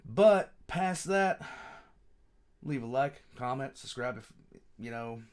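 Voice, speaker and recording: A man's voice: mid-range voice, animated, slow pace, darkish tone. Rambling man hosting a reaction video. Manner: rambling, repeats words while searching for them. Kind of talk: casual reaction commentary.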